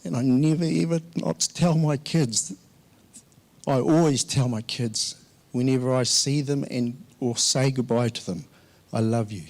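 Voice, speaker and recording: Man delivering a memorial tribute, halting with frequent restarts, mid-range voice. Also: medium pitch, darkish tone. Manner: halting, with many fillers and restarts. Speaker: eulogy speaker. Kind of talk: memorial speech.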